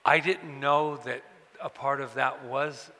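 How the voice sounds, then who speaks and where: A man telling personal stories to an audience at a book event, halting and repeating words, acting out the voices of people he quotes. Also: medium pitch, steady tone, bright, forceful tone. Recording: long hall reverb.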